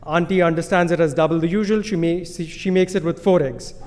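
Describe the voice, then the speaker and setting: A man's voice: on the high side, fairly even intonation, brisk, a little mellow. A man in his thirties with an Indian accent, telling a personal story on stage with amused, self-deprecating humor and frequent chuckles. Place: stage in a large hall. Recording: live hall with long reverb.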